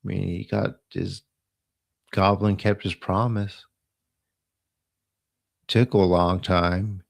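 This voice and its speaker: A man with a very low voice tells a story in a loose, rambling way. He talks slowly, drifting from one detail to the next and adding little asides as he goes. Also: little pitch movement, creaky. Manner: slow, meandering retelling with trailing asides. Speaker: host of a live healing stream.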